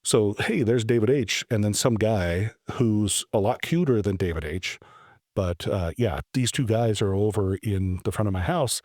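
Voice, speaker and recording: A man in his forties hosting a podcast, telling a story about himself in an animated, self-deprecating way, with stammered restarts. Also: fairly low pitch, moderate pace, no room sound, clean studio sound. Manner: animated, self-deprecating storyteller who acts out his own past lines. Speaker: podcast host. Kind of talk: personal storytelling monologue.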